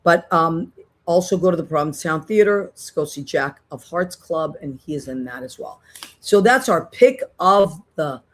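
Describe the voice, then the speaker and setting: A woman's voice: low-pitched, lively intonation, normal speed, slight background noise. Chatty woman podcast host. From Boston, USA. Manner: chatty, rambling with many restarts. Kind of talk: casual chat.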